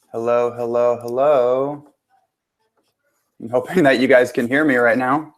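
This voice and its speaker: An upbeat man hosts a live online webinar as a transformation coach. He talks in a mid-pitched voice and keeps greeting his viewers and checking the audio. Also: fairly even intonation, takes it slowly, pauses often.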